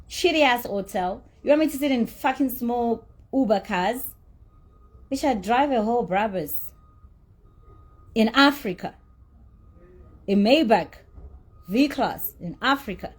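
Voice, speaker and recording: Woman, raised pitch, husky tone; candid celebrity monologue, indignant and profane. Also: a little mellow. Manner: blunt, indignant storytelling with profanity; emphatic repetition. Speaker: celebrity telling her side of a dispute.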